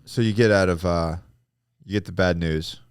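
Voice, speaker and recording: A man's voice: deep voice, moderate pace, smooth, no echo, studio quality. A man hosting a casual podcast interview, asking probing questions and giving short reactions. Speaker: podcast host.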